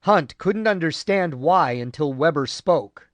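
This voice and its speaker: A man narrating a war history audiobook in a measured, grave way. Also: a little high, expressive, dry recording. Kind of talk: scripted narration.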